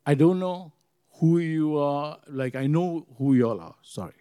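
An earnest man preaching to his congregation in a mellow, dark voice. He swings between loud emphasis and hushed, quiet lines and repeats his phrases for weight. The sound is close and dry. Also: fairly high pitch, measured pace, smooth, dry recording. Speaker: pastor. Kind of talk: sermon.

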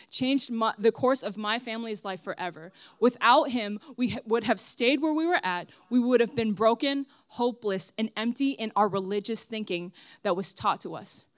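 A woman's voice: a little high, dry recording, studio quality. A young woman giving a personal testimony sermon at church, earnest and emphatic as she speaks straight to the congregation.

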